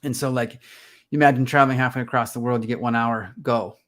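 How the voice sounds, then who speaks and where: A conservation photographer appears as an interview guest, talking casually and fast in a mid-range voice. He's an animated storyteller who acts out his own reactions as he tells his stories.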